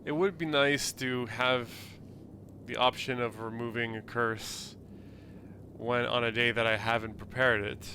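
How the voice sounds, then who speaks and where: A man's voice: medium pitch, fairly even intonation, unhurried, pushed and bright, slight background noise. A man playing a cleric in a tabletop game, chatting casually and laughing often at himself. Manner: laughs often, self-mocking. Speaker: player.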